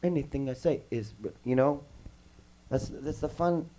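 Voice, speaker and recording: A guest musician in his forties, his voice under the weather, tells stories at a casual workshop Q&A in a music school room with kids, rambling and drifting onto tangents. His mid-range voice has a warm tone and a moderate pace, captured on a low-quality recording.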